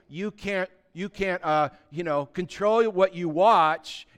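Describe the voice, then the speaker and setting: A man preaching a sermon as pastor, talking conversationally and building to loud, emphatic peaks, often acting out what people say. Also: high-pitched, clear, resonant tone. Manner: acts out quoted voices of believers.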